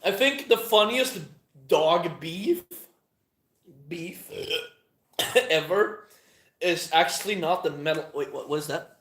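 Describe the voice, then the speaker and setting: A man's voice: on the high side, a bit bright. A man talking casually in a rambling monologue, swearing often and trailing off with plenty of fillers. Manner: profane, meandering, halting with many fillers. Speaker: channel host. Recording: echoey room.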